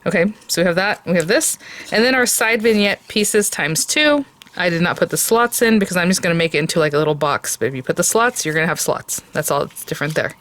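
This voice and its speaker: A woman's voice: fairly low pitch, quick pace, fairly bright tone. A woman hosting a papercraft tutorial, explaining each step as she cuts and checking in with the viewer often, in an enthusiastic and chatty way. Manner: chatty, talks while cutting, checks in with "okay?" and "right?"; enthusiastic, easily delighted. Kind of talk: casual step-by-step craft demonstration.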